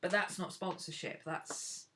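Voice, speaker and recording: A woman's voice: on the low side, fairly even intonation, a little slow, bright, forceful tone, a little hiss or hum. A woman chatting frankly and casually to her viewers while she works on a craft live stream.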